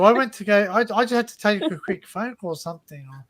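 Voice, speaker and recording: Male host, Australian accent, high-set voice, chatty and rambling with laughs, video call. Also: lively intonation, fast talker, crowd noise. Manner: rambling, laughing, repeats himself. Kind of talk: casual panel chat on a livestream.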